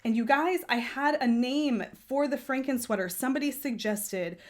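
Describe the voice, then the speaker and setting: A woman's voice: high voice, moderate pace. A woman hosting a knitting podcast, chatting casually in a rambling, self-correcting way. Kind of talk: casual chat.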